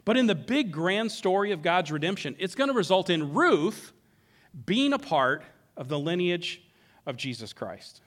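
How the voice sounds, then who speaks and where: Animated male preacher with a lively voice. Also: sits high, normal speed. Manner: animated, acts out the characters' words. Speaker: pastor. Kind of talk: sermon.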